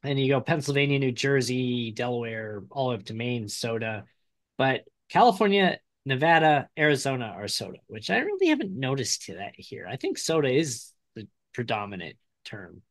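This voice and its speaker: A man's voice: mid-range voice, big pitch swings, normal speed. A man with a slight Midwestern accent co-hosting a casual talk show, chatty and rambling, laughing often. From Midwest United States. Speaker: podcast co-host. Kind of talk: casual chat.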